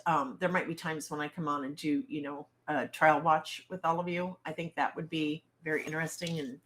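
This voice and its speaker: A woman hosting a casual livestream chat, blunt and outspoken, with salty turns of phrase and questions thrown straight to her viewers. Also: lowish voice. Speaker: author and livestream host.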